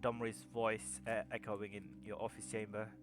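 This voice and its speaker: Game master guy, lowish voice, lots of ums, music going in the back. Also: little pitch movement, normal speed. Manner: hesitant, filler-heavy narration. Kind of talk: narrating a tabletop game.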